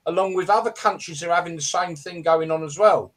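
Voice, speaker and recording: A man's voice: high-pitched, lively intonation, normal speed, hardly any pauses. A man hosting a live football show, delivering an exasperated, sweary, rambling rant. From England.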